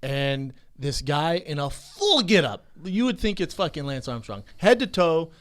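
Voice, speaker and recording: A man's voice: a little high, very animated, unhurried. A man in his thirties co-hosting a podcast, telling stories in a loose, profane way. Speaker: podcast co-host, fighter. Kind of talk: casual podcast chat.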